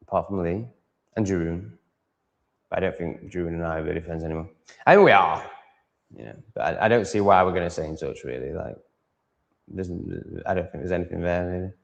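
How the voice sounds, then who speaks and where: Yorkshire man hosting a livestream, low voice, meandering self-interrupting chat, reverb tail. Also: brisk, gravelly, pauses often, lo-fi sound. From Yorkshire, England. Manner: rambling, self-interrupting, chatty. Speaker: livestream host. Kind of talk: casual livestream monologue.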